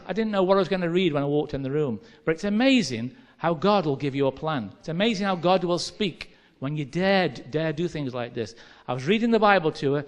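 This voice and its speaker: A man from England with a Midlands accent, preaching a sermon as a lively conversational story with quoted dialogue. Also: fairly high pitch. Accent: English Midlands.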